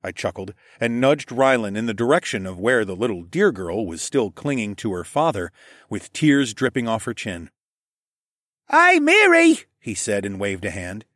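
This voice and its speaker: A man reading an audiobook in first person, with expressive storytelling. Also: fairly low pitch, normal speed, dry recording, studio quality. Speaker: audiobook narrator.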